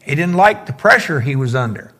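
A man's voice: a little high, big pitch swings, fairly quick, pushed and bright. A man preaching a verse-by-verse sermon, explaining scripture with emphatic, folksy asides.

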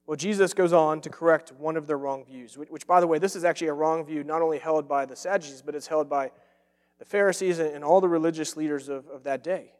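A man's voice: on the high side, steady tone, fast talker, darkish tone, big-room sound. A man preaching a sermon as pastor, earnest and emphatic, repeating phrases for stress.

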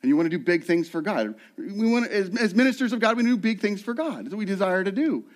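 A middle-aged man, a lead pastor, preaching a sermon in an animated way and acting out the voices of the people he describes. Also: high-pitched, fast.

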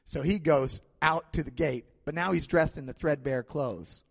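A man informally retelling a classic story to an audience, in a conversational, animated way that often restarts phrases. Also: a little high, moderate pace, gravelly, long reverb tail.

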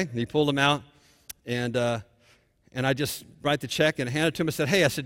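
A male pastor preaching a sermon, telling a story and moving between hushed and fervent delivery. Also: medium pitch, fairly even intonation, brisk, in a large hall.

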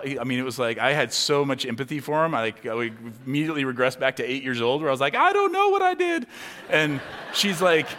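A man's voice: mid-range voice, a bit bright. A man giving a sermon as a conversational story, with many fillers and acted-out quotes. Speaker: pastor. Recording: long hall reverb.

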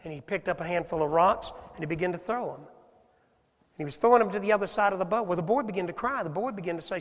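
High-voiced preacher in a reverberant hall. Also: male voice, fast talker. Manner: rhetorical questions to the congregation, swings between loud and hushed. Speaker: pastor. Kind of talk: sermon. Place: church sanctuary.

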